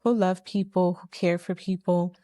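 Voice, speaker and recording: A woman's voice: lowish voice, fairly even intonation, moderate pace, mellow, no echo. A woman guest sharing personal struggles earnestly, speaking words of faith and hope, close to tears.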